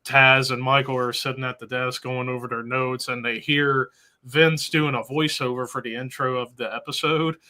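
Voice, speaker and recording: A man with a mid-range voice hosts a casual chat at a moderate pace. He is an animated storyteller who acts out the quotes.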